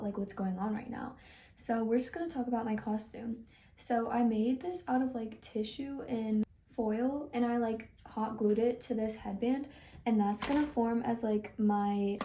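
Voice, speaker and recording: A woman's voice: fairly high pitch, warm tone. A young woman chatting casually in a reading vlog, gushing and full of filler words. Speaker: book vlogger. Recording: faint music underneath.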